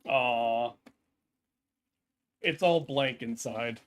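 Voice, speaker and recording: Streamer, man, mid pitch, rambling casual chat at his desk mic. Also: extremely slow. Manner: chatty, hesitant with many ums and restarts.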